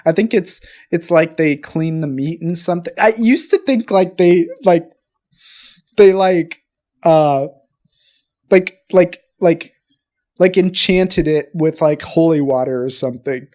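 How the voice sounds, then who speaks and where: A man co-hosting a comedy podcast, rambling and halting through improvised bits with profanity and constant restarts. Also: a little high, darkish tone. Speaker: podcast co-host.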